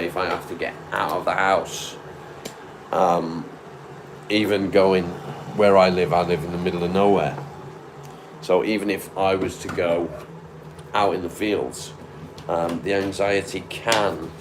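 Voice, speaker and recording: Man, deep low voice, laid-back livestream host, home room with clear background noise. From North West England. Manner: laid-back, sighing, hums to himself between comments. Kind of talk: casual livestream chat, reading and answering viewer comments.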